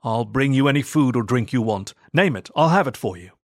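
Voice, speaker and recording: A man's voice: medium pitch, expressive, brisk, dry recording, clean studio sound, lightly acted. A man voicing an older stooped monk who speaks contritely and earnestly. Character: older stooped male monk, humbled and apologetic.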